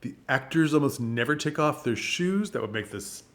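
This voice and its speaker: A man's voice: medium pitch, animated, moderate pace, fairly bright tone. Chatty man chuckling as he talks. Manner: chatty, chuckles between points. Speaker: theater commentator. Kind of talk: casual talk to camera.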